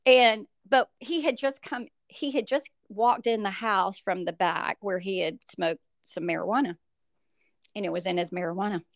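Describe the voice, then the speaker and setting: Middle-aged woman guest, emotional storytelling voice, mid pitch, halting and animated. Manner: animated, acts out quoted voices, halting with fillers. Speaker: bereaved mother, guest.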